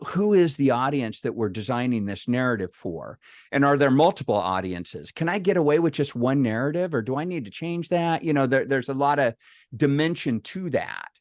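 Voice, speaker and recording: This is a man's mid-range voice at an online meeting, where he gives a casual workshop talk, sharing stories with frequent restarts and quizzing the group. It's recorded dry, at studio quality.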